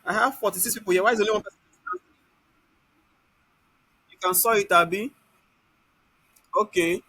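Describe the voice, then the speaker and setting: A man with a Nigerian accent leads a live online software class. He keeps asking the class "what?" and then answers it himself. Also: high-pitched, quick pace, husky. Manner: scolds students in Nigerian Pidgin.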